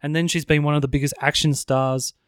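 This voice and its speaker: A man's voice: fairly high pitch, little pitch movement, fairly quick, fairly bright tone, no room sound, clean studio sound. A man co-hosting a casual film review podcast, emphatic and jokey and swearing often. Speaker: podcast co-host.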